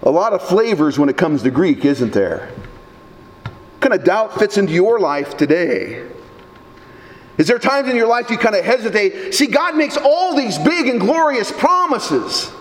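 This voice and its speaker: A man preaching a sermon as pastor, animated, with frequent stammered restarts. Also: sits high, a little slow, a little hiss or hum. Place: church. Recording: echoey church hall.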